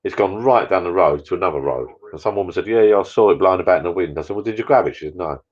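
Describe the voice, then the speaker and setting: A man's voice: low-pitched, racing, muffled recording. A man hosting a casual live stream, rambling chattily and reading out viewer comments.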